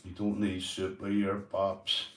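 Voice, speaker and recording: Northern irish guy chatting on his stream, lowish voice, a bit far off the mic. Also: monotone, slow pace, echoey room, a little hiss or hum. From Northern Ireland. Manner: chatty, sweary storytelling, talks to viewers. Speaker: livestream host. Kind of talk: casual livestream chat.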